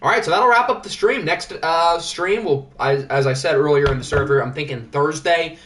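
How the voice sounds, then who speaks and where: Male streamer, slightly high voice, loose joking commentary on league results. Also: normal speed, fairly bright tone, slight background noise. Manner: chatty, joking, thinks aloud. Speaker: livestream host. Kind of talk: casual sports sim commentary.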